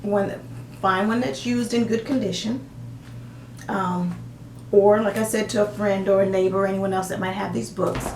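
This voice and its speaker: Gravelly Southern woman teaching. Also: medium pitch, steady tone, normal speed, darkish tone, reverberant, a little hiss or hum. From American South. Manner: folksy, explains with everyday examples. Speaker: medical coding instructor. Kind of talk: casual teaching monologue.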